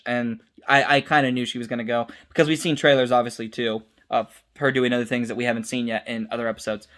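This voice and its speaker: A man's voice: medium pitch, fairly even intonation, fast, few pauses, fairly bright tone. A tired young man giving a casual, unscripted episode review, rambling with restarts and mixing up names.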